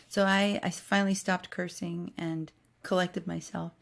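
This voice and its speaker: A woman, a guest on a podcast, telling funny stories in an animated way and often breaking into laughter. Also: on the low side, normal speed, creaky. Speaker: podcast guest, church musician. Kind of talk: casual chat, storytelling.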